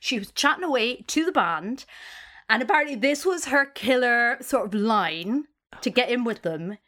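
A woman's voice: fairly high pitch, animated, moderate pace, pushed and bright. A woman co-hosting a comedy podcast, playfully narrating a story. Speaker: podcast co-host. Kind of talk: casual comic chat.

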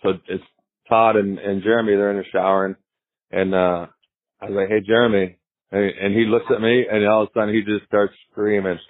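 A man's voice: fairly low pitch, little pitch movement, brisk, dry recording. Man telling stories over a tinny phone line. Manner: rambling, repeats words, laughs while telling stories. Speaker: former baseball pitcher, guest. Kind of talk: casual storytelling interview.

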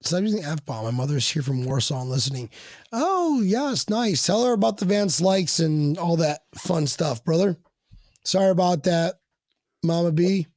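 A man's voice: on the high side, animated, normal speed, darkish tone, dry recording, studio quality. A man chatting as a guest on a fan podcast, rambling, swearing and laughing as he tells stories. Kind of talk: casual podcast chat.

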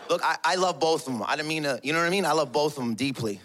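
A man's voice: on the high side, racing, few pauses, a bit bright, slight background noise. A man performing a stand-up comedy set, telling stories in a rambling, profane way.

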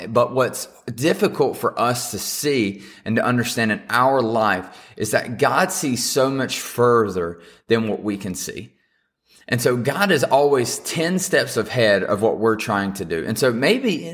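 A man's voice: mid-range voice, animated, normal speed, a bit bright. A young man preaching a casual, conversational sermon as a pastor, earnest and encouraging, then praying. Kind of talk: casual sermon with closing prayer.

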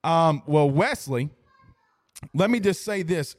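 A man hosts a casual sports talk stream from a studio, reading chat aloud. His voice sits fairly high and he rambles emphatically, hammering phrases again and again. The sound is dry and close, with no room echo. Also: animated, slow. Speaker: host reading live chat.

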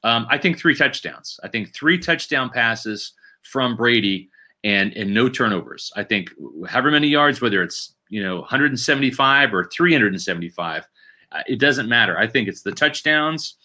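A man hosts a sports podcast with a bright, forward tone. His pitch swings widely as he argues his points. He keeps pressing for agreement, tossing "right?" back to his co-host. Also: moderate pace. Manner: animated, emphatic, seeks agreement with "right?". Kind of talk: casual sports podcast chat.

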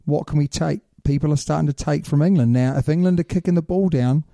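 A man's voice: fairly high pitch, quick pace, gravelly, no room sound, clean studio sound. A man hosting a rugby talk show in casual, opinionated chat, calling his co-host mate. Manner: animated, opinionated, says "mate".

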